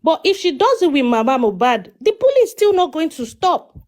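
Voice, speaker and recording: Woman, a little high-pitched, measured and polite, questioning, speaking in a live audio chat. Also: sing-song, darkish tone. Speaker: participant in a live audio discussion.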